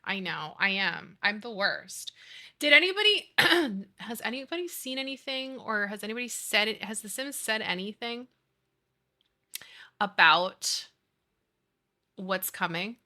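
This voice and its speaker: Bright, lively streamer woman in her thirties. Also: mid-range voice, a little slow, long pauses. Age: 30s. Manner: chatty, laughing, excitable storytelling. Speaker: live streamer. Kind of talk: casual chat while playing a game.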